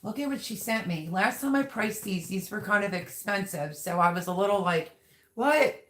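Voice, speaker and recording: A woman with a mid-range voice hosts a casual livestream, speaking briskly. She's chatty and effusive as she reads out comments from viewers.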